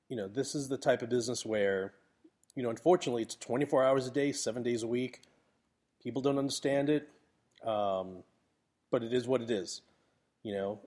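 A man's voice: medium pitch, a little mellow. Blunt, chatty man. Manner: blunt, chatty, swears a little. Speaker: wedding photographer. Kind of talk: casual advice monologue.

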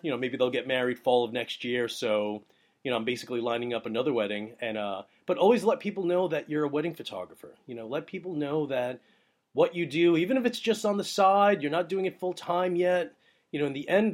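A young adult man talking casually to his listeners about wedding photography, rambling through a story with plenty of fillers. His voice sits at an ordinary middle pitch and jumps up in excitable bursts. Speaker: wedding photographer, podcast host. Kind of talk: casual advice monologue.

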